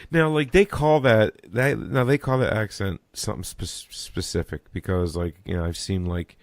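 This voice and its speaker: A deep-voiced American man hosts a podcast in loose, casual chat. He talks fast, stumbles over his own restarts and swears freely. The sound is dry and close, with no room around it. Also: no echo. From United States. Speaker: podcast host.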